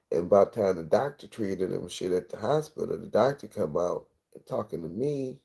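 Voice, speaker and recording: Low gravelly man telling a story. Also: dark tone. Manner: rambling, profane, intense. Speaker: livestreamer. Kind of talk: emotional storytelling monologue.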